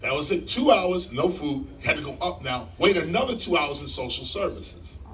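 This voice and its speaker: A man telling a story to a live audience in a library hall, animated and emphatic like a preacher, repeating key lines and jumping in pitch. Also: normal speed, distant mic, a little hiss or hum. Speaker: guest speaker on stage.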